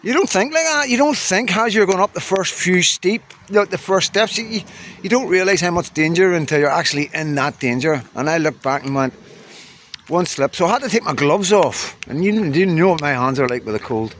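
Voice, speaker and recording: Guy rambling a story to camera, swears a lot, laughs at himself, kinda high voice. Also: animated, brisk, a bit bright, a little hiss or hum. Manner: chatty and rambling, swears freely, laughs at his own story. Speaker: vlogger.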